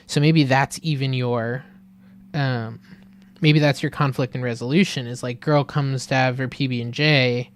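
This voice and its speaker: A man giving a casual, rambling critique of an ad, full of fillers, who acts out little scenes in higher voices. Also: steady tone, moderate pace. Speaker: video critic reviewing ads.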